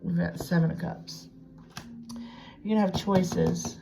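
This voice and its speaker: A woman's voice: fairly low pitch, fairly even intonation, unhurried, vocal fry, noisy background. A woman doing a casual tarot reading at home, chatting to herself and dipping into whispers. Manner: chatty, self-talking, drifts into hushed whispers. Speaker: tarot reader. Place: home room with a piano desk.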